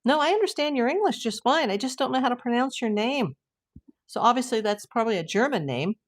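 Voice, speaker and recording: A woman's voice: fairly high pitch, expressive. An older woman from the United States, hosting a casual livestream, chatting and reading out viewer messages with frequent exclamations. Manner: chatty and exclamatory, quick to say wow. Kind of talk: casual live chat.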